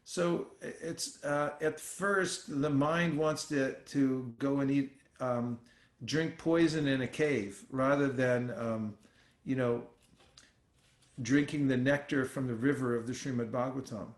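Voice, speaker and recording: A man leading an informal scripture class, talking in a relaxed, conversational way with many fillers and restarts. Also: mid-range voice, a little slow. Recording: roomy echoey sound.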